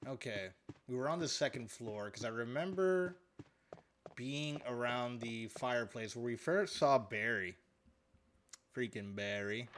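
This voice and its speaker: A man's voice: mid-range voice, a little slow, fairly bright tone, slight background noise. A man giving live gameplay commentary as a streamer, joking and chatting with his viewers while he plays.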